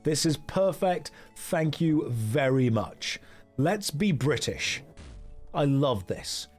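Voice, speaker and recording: A man's voice: on the high side, big pitch swings, slow pace, a little mellow, faint music behind. A man streaming a game, chatting casually, joking and reading chat aloud. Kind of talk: casual gameplay commentary.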